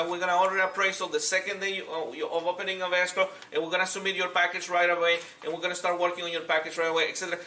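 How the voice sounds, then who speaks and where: A man's voice: sits high, pushed and bright, reverberant, far from the mic, a little hiss or hum. A man teaching a real estate seminar, speaking directly and often repeating himself as he acts out calls with agents. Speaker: real estate and mortgage instructor.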